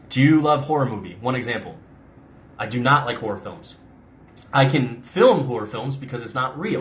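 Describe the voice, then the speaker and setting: Slight background noise accompanies a mid-range, slightly bright voice. It belongs to a young actor hosting a casual live stream, who rambles through viewer questions, saying "like" a lot and restarting often.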